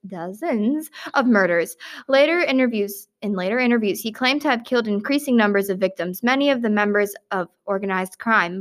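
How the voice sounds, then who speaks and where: A woman with an American accent who reads a crime story from notes in a casual chat, stumbling over words and laughing often. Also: a little high. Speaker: co-host presenting a true crime case. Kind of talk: casual classroom podcast chat. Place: school classroom.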